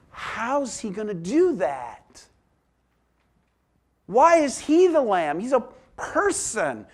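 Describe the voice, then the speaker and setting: A male pastor delivers a sermon in a high, light voice. He takes his time, letting each phrase land slowly, then shifts from ringing emphasis to near-whispered reflection. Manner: expressive, swings between emphatic exclamations and soft hushed asides.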